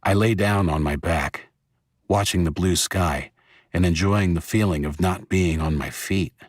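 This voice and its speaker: Deep husky male audiobook narrator. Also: measured pace, dry recording, clean studio sound. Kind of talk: first-person audiobook narration.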